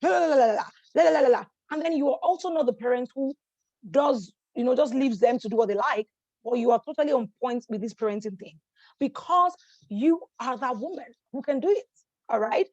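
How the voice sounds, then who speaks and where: A woman hosting a motivational masterclass, energetic and encouraging, who keeps checking in with her audience and repeats phrases for emphasis. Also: sits high, brisk, no echo, lo-fi sound. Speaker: life coach hosting a masterclass. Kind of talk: motivational teaching talk.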